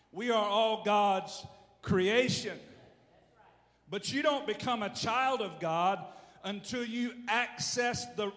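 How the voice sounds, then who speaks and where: A man preaching a sermon as pastor, swinging from low asides to shouted calls and urging the congregation to answer. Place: church hall. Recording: reverberant hall.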